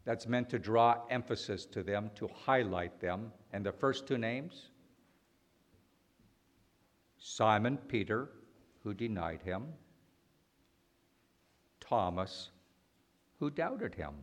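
A man preaching a sermon, slow and deliberate, swinging between loud emphatic lines and quiet ones. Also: on the low side, lively intonation.

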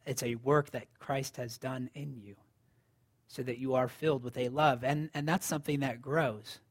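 Man preaching in a lively, casual way. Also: medium pitch, normal speed. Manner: conversational preaching with emphatic rises. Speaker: pastor. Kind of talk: sermon.

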